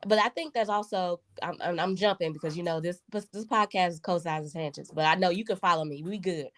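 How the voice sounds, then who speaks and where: A woman co-hosting a podcast in a casual, emphatic conversation, jumping high in pitch when she stresses a point. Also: fast talker. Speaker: podcast co-host.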